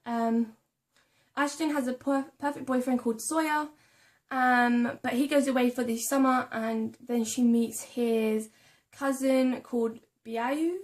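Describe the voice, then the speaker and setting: With a fairly high pitch and a measured pace, a young woman keeps her intonation fairly even. She's a book vlogger casually going over a haul of books she bought, reading blurbs aloud and getting tripped up by names and hard words.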